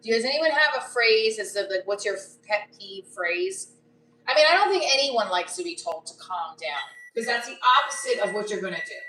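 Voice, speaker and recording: A woman's voice: mid-range voice, animated, fairly quick, pushed and bright, echoey room, a little hiss or hum, low-quality recording. A woman comedian with a New Jersey accent, chatting casually on a live stream, blunt and profane, reading viewer comments aloud.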